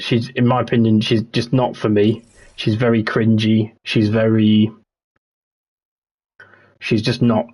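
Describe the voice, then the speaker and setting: This is a young Englishman with a husky, breathy voice he tones down for his audience. He chats loosely on a livestream, trailing off and restarting sentences as he plays. His pitch sits in the middle for a man. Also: a little mellow. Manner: chatty, rambling, with frequent restarts and laughs. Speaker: streamer. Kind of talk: casual livestream chat while gaming.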